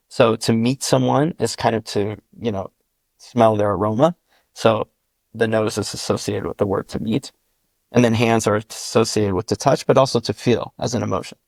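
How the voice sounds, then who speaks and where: Male linguist guest, gravelly voice, dry close sound, walks through sounds one by one with examples. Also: fairly low pitch, no echo. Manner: methodical, spells out sounds with examples. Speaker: linguist guest explaining his constructed language. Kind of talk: patient step-by-step explanation.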